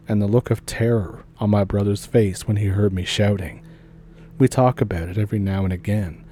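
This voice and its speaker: Guy reading creepy stories, low mellow voice, steady, faint hum behind. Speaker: story narrator, channel host. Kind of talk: scripted first-person horror story narration.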